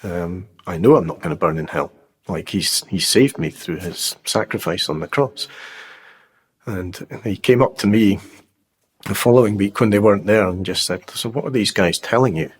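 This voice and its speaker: A man with a very low voice and a husky, slightly rough edge recounts his personal testimony. He talks reflectively and unhurriedly, leaning on fillers like "you know" and "um" as he gathers his thoughts. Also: normal speed. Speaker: guest sharing a faith testimony. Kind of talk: personal storytelling.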